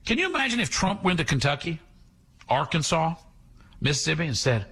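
A male talk radio host delivers sarcastic, animated commentary, his voice swinging widely in pitch. It sounds high, bright and a bit husky. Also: fairly quick, long pauses, faint music behind.

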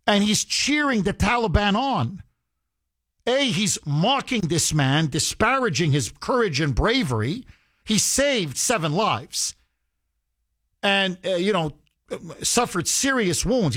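A man's voice: sits high, fairly bright tone, no echo, studio quality. A man delivering heated political commentary to his audience, emphatic and repeating phrases for effect.

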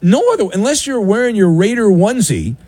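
A man's voice: sits high, big pitch swings, brisk, mellow, slightly rough, no echo. A man hosting a sports talk radio show in a studio, delivering a sardonic, theatrical monologue with swooping announcer flourishes. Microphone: studio broadcast mic.

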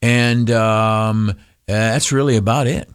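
A man's voice: fairly low pitch, fairly even intonation, takes it slowly, smooth. Rambling male radio host. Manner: rambling, self-deprecating, many fillers. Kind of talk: casual radio commentary.

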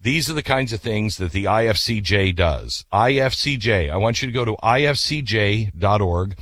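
A radio host man telling an animated story in a chatty way, then reading ads. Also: lowish voice, normal speed, dry recording. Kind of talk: storytelling and ad reads.

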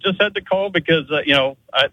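A man's voice: fairly high pitch, a little fast, dry recording. A man from Pennsylvania calling into a radio show, hesitant and teasing. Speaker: caller. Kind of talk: phone call to radio show. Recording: muffled phone line.

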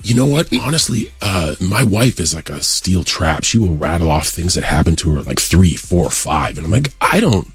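A man guest in a casual interview chat, telling stories in an animated way and acting out his own thoughts in quotes. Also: deep voice, moderate pace, few pauses, slightly rough. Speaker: guest actor.

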